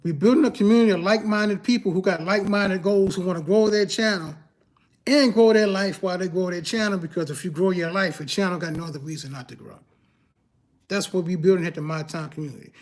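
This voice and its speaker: A man's voice: high voice, quick pace. A man hosting a livestream as a YouTube growth coach, talking emphatically and casually, repeating key phrases and firing rhetorical questions. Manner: casual, slangy speech.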